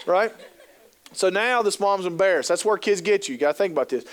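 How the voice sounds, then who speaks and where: A man's voice: sits high, fairly quick, a faint crowd. A man giving a humorous talk on working with youth, telling stories and acting out scenes. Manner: animated, joking, acts out scenes. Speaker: keynote speaker on youth work. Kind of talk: humorous storytelling presentation.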